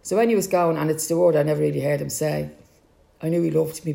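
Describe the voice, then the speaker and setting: A woman's voice: low voice, fast talker, gravelly, warm tone. A middle-aged Irish woman telling a personal family story, acting out the voices of the people in it.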